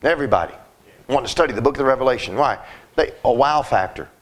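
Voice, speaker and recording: A man's voice: medium pitch, fast. A man preaching a sermon in a folksy, emphatic way, often repeating words as he goes.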